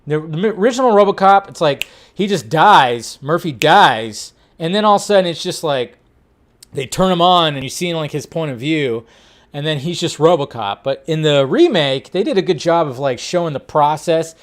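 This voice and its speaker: Guy hosting a movie news show, kinda high voice, rambly and chatty. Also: animated. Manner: chatty, rambling, quick bursts of disbelief. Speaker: host. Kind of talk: casual chat about film news.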